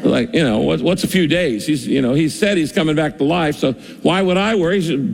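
A man's voice: on the high side, animated, normal speed, creaky, hardly any pauses, in a large hall. A male pastor preaching a conversational sermon, acting out the voices of the people he quotes.

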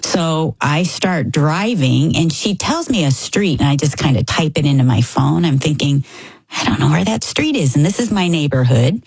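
A middle-aged woman with a low, husky voice and a gravelly edge tells a personal story as a guest. She keeps it lively and acts out each person she quotes. The sound is close and dry. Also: normal speed, no room sound. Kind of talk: conversational storytelling.

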